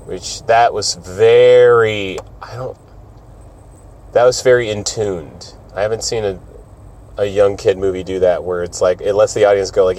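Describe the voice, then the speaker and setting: Low-voiced man rambling about movies. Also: steady tone, a little slow, a little mellow. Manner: rambling, swears a lot, self-mocking. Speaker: podcast host. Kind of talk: casual solo podcast chat.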